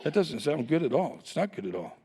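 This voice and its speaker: Animated preacher man in a reverberant hall. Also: fairly high pitch, brisk, husky. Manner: animated, teasing rhetorical questions to the congregation. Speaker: pastor. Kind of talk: sermon.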